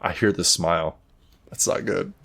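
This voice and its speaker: A man running a tabletop game as game master, animated and playful, swearing when rolls go badly. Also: deep voice, moderate pace, gravelly.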